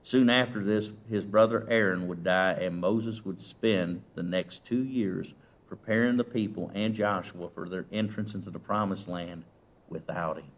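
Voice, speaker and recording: A male preacher delivering a sermon. He asks the congregation questions and swings from loud emphasis to very soft, quiet lines. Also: low voice, moderate pace.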